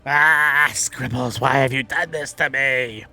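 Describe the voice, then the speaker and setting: A man's voice: mid-range voice, slow pace, bright, forceful tone, faint music behind, full character voice. A man doing a hapless goblin warrior. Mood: wailing. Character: hapless male goblin fighter grieving a friend.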